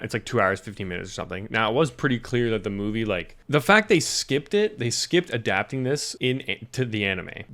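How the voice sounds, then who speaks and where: A man's voice: mid-range voice, fairly bright tone. A young man rambling casually about an anime movie, swearing freely and laughing often. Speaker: YouTuber reviewing an anime film. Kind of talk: casual chat.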